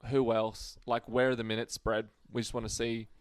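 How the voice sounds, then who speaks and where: A man's voice: mid-range voice, level tone, moderate pace, smooth, dry recording. A man co-hosting a casual sports podcast, laid-back and rambling, swearing freely. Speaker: podcast co-host.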